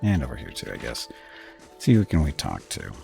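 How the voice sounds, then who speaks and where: A man's voice: a bass voice, wildly swooping pitch, brisk, creaky, darkish tone, faint music behind. A man streaming a video game, thinking aloud in offhand, muttered commentary. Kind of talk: casual gameplay commentary.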